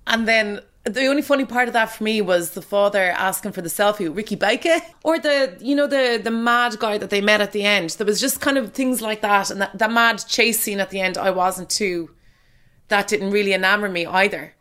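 A woman's voice: mid-range voice, fairly quick, fairly bright tone. An Irish woman, a radio presenter, chatting casually and giving her opinions about a film with lots of fillers. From Ireland.

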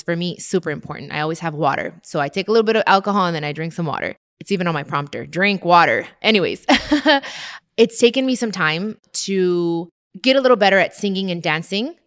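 A bilingual woman gives friendly advice in a casual chat. Her voice sits on the lower side for a woman. She moves easily between English and Spanish. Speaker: host answering listener questions.

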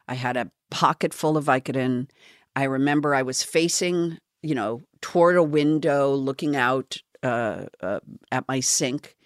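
Slow, earnest woman podcast host. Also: very deep voice, no room sound, studio quality. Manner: earnest, halting, self-revealing. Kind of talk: confessional podcast talk.

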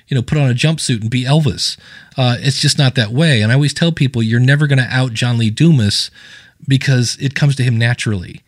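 A man speaking as a podcast guest, trading stories in a relaxed conversational way and slipping into other people's voices when he quotes them. His voice sits at an ordinary middle pitch, and the recording is close and dry with no room sound. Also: no echo. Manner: storytelling, acting out quoted people in anecdotes. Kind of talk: casual interview chat.

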